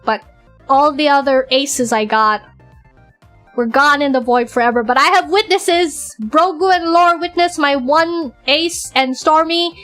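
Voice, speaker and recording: A woman streamer chatting casually and excitedly, acting out her own side of conversations in a raised voice. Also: high-pitched, measured pace, faint music behind. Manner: excitable, animated, quoting others in a raised voice. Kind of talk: casual chat.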